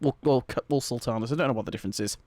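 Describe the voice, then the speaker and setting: A man's voice: medium pitch, rapid-fire, a little mellow, dry recording. A young man, chatting casually with viewers on a live stream, giggly and rambling. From Britain. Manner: giggly, rambling, reacting to chat.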